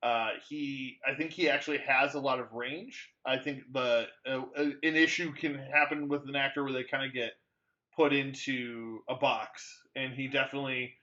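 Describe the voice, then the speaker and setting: A man's voice: medium pitch, fairly even intonation, normal speed, pushed and bright, highs cut off. A man co-hosting a movie podcast, chatting casually with a rambling delivery full of fillers and restarts. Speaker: podcast co-host. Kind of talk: casual movie-review chat.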